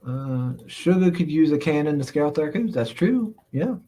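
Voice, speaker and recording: Chatty man, slightly high voice. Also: expressive, moderate pace, dark tone. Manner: rambling, chuckling, lots of "uh, let's see" fillers. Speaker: streamer host reading chat. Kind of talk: casual live-stream chat.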